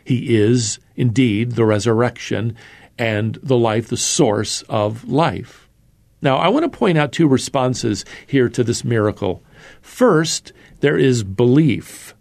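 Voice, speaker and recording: A man teaching a sermon, earnestly reading scripture aloud with slow, emphatic pauses and calling his listeners beloved. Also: medium pitch, expressive, gravelly, a little mellow. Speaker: Bible teacher. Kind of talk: expository sermon.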